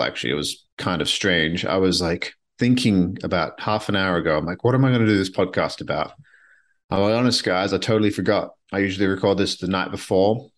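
A man from Canada hosting a solo podcast, talking candidly and rambling, swearing now and then. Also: deep voice. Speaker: podcast host. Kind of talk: solo reflective podcast monologue. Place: his apartment.

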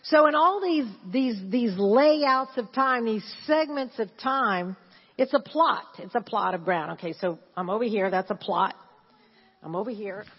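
Woman pastor in her sixties, fairly high voice, lively, chanting preacher; dull mic, hall reverb. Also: a little slow, husky. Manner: animated, laughing, repeats phrases, chants. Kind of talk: sermon. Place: church.

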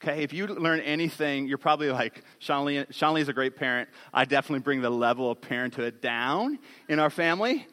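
A man in his thirties preaching a sermon on stage, telling a family story with lively acted-out quotes. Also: medium pitch, brisk, big-room sound. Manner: animated storytelling, acts out quotes. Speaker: pastor.

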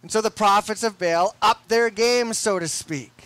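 A young man preaching a sermon in a deliberate, emphatic way, often repeating his words. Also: very high voice, lively intonation, fairly bright tone, smooth, no room sound. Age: young adult.

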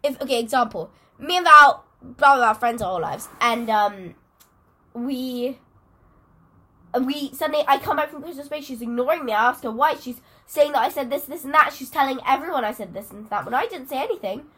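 A woman's voice: high voice, fairly quick, pushed and bright, slightly rough. A teenage girl co-hosting a podcast, chatting in a rambling, giggly way. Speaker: podcast co-host. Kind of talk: casual chat.

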